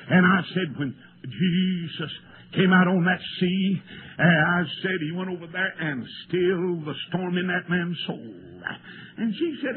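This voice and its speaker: An older man, preaching a folksy storytelling sermon that swells into shouts and tearful cries. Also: high voice, measured pace. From American. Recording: tinny lo-fi old sermon tape with faint hiss.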